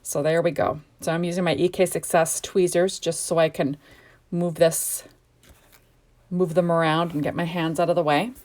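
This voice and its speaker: A woman's voice: sits low, steady tone, normal speed, darkish tone. A middle-aged woman from Canada, chatting sleepily and gushing as she narrates a home crafting tutorial. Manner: chatty and gushing, rambling asides. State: sleepy, yawning. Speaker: card-making crafter.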